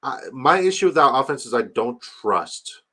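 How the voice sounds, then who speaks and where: Animated, foul-mouthed male stream host. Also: medium pitch, normal speed, husky. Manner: animated, swears freely, reads chat comments aloud. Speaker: livestream host reading chat. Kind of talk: casual fantasy football livestream chat.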